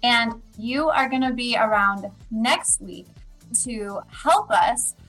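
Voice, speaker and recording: A woman in her thirties co-hosts a chatty podcast, telling stories with lively energy and quick laughs. Her voice sits on the higher side. Soft music plays faintly behind her. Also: poor audio. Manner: chatty, animated storytelling with laughs. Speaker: podcast co-host. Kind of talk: casual chat.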